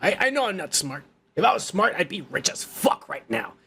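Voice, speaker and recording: A man's voice: high voice, very animated, fairly quick, vocal fry, pushed and bright, a little hiss or hum. A male podcast host ranting in crude, heated commentary, swearing and repeating himself.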